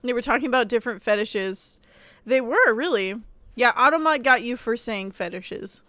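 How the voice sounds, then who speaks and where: A woman streamer chatting casually while she games at home, blunt and quick to laugh. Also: fairly high pitch, animated, sharp tone, no echo. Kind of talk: casual live-stream chat while gaming.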